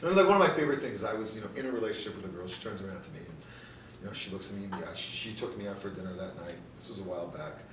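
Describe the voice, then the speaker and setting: Leading a dating seminar Q&A before a live audience, a man with a fairly low voice fires off words rapidly, cursing, joking, and laughing a lot in a brash way. It's recorded from afar in an echoey room, with audience noise throughout.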